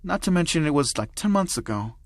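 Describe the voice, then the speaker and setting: A man's voice: on the high side, very animated, normal speed, gravelly, no echo, clean studio sound, full character voice. A man voicing an annoyed teenage girl hero student in a fan-made audio story, complaining indignantly.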